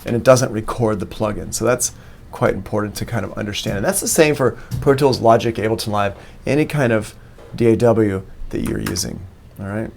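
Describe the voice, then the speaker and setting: A man with a lowish, gravelly voice teaches a music software class over a live stream. He talks into a studio mic and walks through each step patiently, explaining as he clicks. His tone stays plain and instructional. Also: fairly quick, slight background noise. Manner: explanatory, walking through steps on screen. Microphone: studio microphone plugged into an interface.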